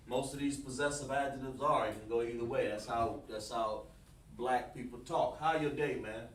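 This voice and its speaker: A man teaching a livestreamed language lesson, explaining slowly and repeating himself while talking to the chat. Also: mid-range voice, fairly bright tone. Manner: slow, repetitive explaining, addresses the chat. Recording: roomy, mic at a distance, faint noise.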